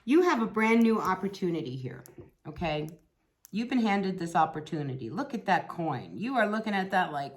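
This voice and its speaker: A woman's voice: mid-range voice, animated, moderate pace, a little hiss or hum. Chatty woman giving a tarot reading. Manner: chatty, encouraging, frequent "right?" and "you know". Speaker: tarot reader.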